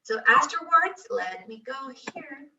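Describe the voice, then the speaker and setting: A woman's voice: high-pitched, slow pace, slight background noise. A young woman from Mexico with a Mexican accent, native Spanish speaker, presenting with lots of enthusiasm. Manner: enthusiastic, repeats "very excited". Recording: roomy, distant, dull sound.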